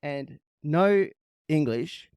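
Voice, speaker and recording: A man's voice: a little high, animated, very slow, a little mellow, clear, resonant tone, dry recording. A man co-hosting a casual podcast, telling a story in a blunt, profane, teasing way.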